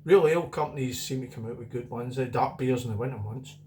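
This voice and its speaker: Middle-aged Scottish man, chatty home beer reviewer, mid-pitched, wanders off on tangents. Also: quick pace, darkish tone, slight background noise. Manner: rambling, chatty, repeats himself. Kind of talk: casual beer review vlog.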